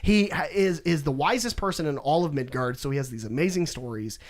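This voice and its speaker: Animated young man recapping a game. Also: on the high side, fairly quick. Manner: animated, acts out characters' lines while retelling a game. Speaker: podcast co-host. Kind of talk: casual podcast chat.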